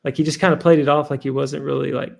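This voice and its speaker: A man's voice: a little high, little pitch movement, quick pace, creaky. A man in his thirties, a podcast guest telling a story in an earnest, rambling way full of fillers.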